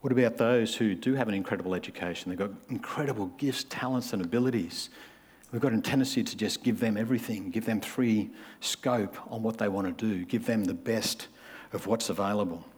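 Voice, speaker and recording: A man's voice: fairly low pitch, a little fast, husky. A man, preaching a sermon in a conversational way and acting out the people he describes. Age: 50s. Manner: conversational, acts out quoted voices.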